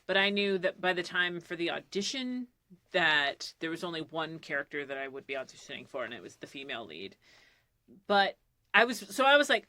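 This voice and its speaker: A woman's voice: deep voice, animated, normal speed, bright, forceful tone, no echo. A woman voice actor chatting casually on a podcast, telling a story and acting out the quoted lines, with some swearing. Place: recording booth. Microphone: studio mic.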